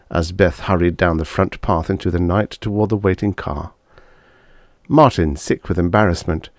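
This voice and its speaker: A man narrating a vintage science fiction short story with a lively, expressive reading. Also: sits low, dry recording, clean studio sound. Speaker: audiobook narrator. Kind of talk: scripted narration.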